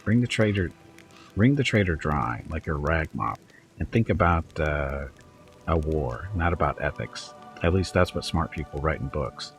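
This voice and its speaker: A man's voice: rumbling low, animated, normal speed, soft background music. A man voicing a sly, hard-edged male kobold bard in a game, lecturing and probing as he talks. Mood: ruthless. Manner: probing, lecturing, cold when talking of traitors. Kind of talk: reading game dialogue aloud.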